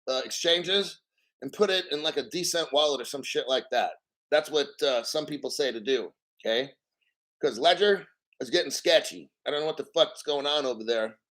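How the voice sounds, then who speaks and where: A man hosting a live-streamed crypto show, reading an article aloud and riffing on it in an excitable, profane way, often claiming he is about to cry. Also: fairly high pitch. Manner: profane, excitable, mock tearful; reads article aloud slowly, then riffs. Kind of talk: live-stream commentary with callers.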